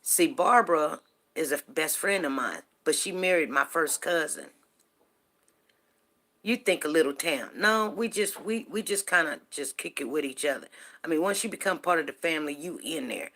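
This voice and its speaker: Low-voiced woman telling a story. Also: normal speed. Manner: animated, repeats words, asks listeners "you know what I'm saying". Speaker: show host telling a personal story. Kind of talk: casual storytelling to viewers.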